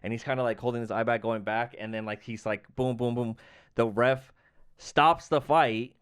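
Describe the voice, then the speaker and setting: A man on a casual podcast, his voice smooth and resonant at a middle pitch. He tells stories in an animated rush, full of filler words and the odd swear, recorded close and dry with no room sound. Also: moderate pace, dry recording. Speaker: podcast co-host.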